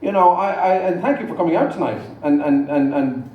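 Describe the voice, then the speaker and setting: A man's voice: fairly high pitch, lively intonation, a little fast, highs cut off. Man doing a stand-up set in a hall. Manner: dry, self-deprecating, rambling asides. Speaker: stand-up comedian. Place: large live venue with audience. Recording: echoey hall, distant mic, noisy. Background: audience laughter.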